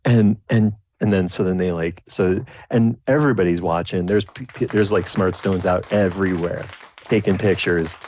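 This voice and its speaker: A man's voice: deep voice, normal speed, a little mellow, a little hiss or hum. A man narrating as game master of a tabletop game, rambling with many restarts and fillers.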